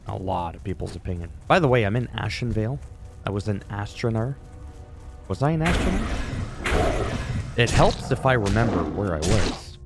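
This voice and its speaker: Profane gamer ranting. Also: male voice, fairly low pitch, very animated, a little slow, long pauses, over loud music. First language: French. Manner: ranty, profane, opinionated. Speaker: gaming YouTuber. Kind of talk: casual gameplay commentary.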